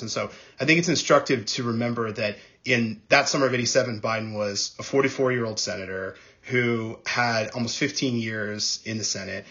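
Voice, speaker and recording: A man speaking as a guest on an interview podcast, answering in a measured, thoughtful way with frequent ums and uhs. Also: on the low side, pushed and bright, lo-fi sound. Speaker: podcast guest, former speechwriter. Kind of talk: conversational interview.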